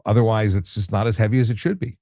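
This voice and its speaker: A man, a traffic cop, hosting a relaxed late-night live chat and answering viewer questions in an easygoing way, often repeating words as he restarts. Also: on the low side, quick pace, no room sound, clean studio sound. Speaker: traffic cop and livestream host.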